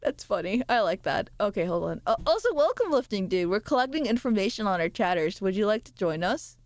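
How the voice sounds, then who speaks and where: A woman's voice: medium pitch, sing-song, a little fast, no room sound. A young adult woman streamer in casual live-stream chat, bantering with viewers, reading their messages aloud, laughing often and swearing freely.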